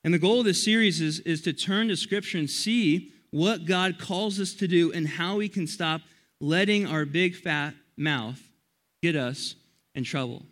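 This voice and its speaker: This is a young man preaching to students at a church youth service. His voice sits high and rings brightly. He is energetic and chatty, and he often restarts his sentences as he tells his stories. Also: measured pace. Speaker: youth pastor. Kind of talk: youth sermon with storytelling.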